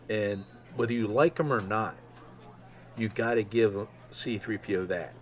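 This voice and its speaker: A man around fifty talks alone into his podcast mic, pitched slightly low. He rambles with eager fan excitement, full of ums and restarts. It sounds like a casual, unscripted monologue. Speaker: podcast host.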